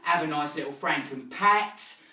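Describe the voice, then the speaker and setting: A man doing a loud cocky Cockney geezer. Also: on the high side, measured pace. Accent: put-on Cockney. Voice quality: loud, rhyming-slang patter. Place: living room of a home. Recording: roomy sound from a distant mic.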